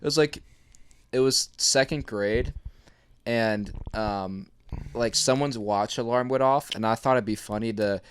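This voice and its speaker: A man's voice: mid-range voice, unhurried, a little hiss or hum. A young man co-hosting a casual podcast, telling childhood stories and laughing through them. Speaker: podcast co-host. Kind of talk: casual chat.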